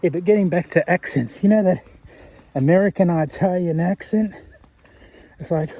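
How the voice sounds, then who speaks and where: With a high, warm voice at a moderate pace, a man walks and rambles through a video message to a channel owner he admires, leaving long pauses. There's no echo on the recording.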